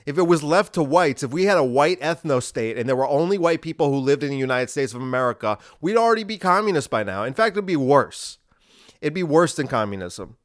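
A young man ranting alone on his podcast, his voice a little higher than most men's. He sounds combative and heated, lurching between loud outbursts and low, muttered asides. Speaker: podcast host. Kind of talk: ranting monologue.

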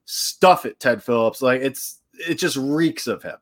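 A man's voice: mid-range voice, measured pace. A man co-hosting a sports podcast, talking casually with sarcastic asides.

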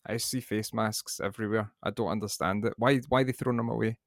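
A man's voice: fairly low pitch, steady tone, fast talker, no room sound, studio quality. A Scottish man co-hosting a casual podcast, musing in an easygoing, hesitant way. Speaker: podcast co-host.

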